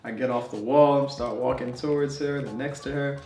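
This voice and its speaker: Speaking fairly quickly with a slightly mellow, medium-pitched voice and fairly even intonation, this young travel vlogger recounts a trip to camera. He keeps it casual, laughing and using fillers. The audio has a roomy quality from a distant mic, with faint music.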